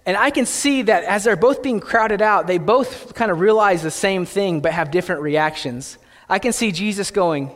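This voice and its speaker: A man's voice: high-pitched, normal speed. A young man giving a sermon in a conversational storytelling manner, with playful asides. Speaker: pastor. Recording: long hall reverb.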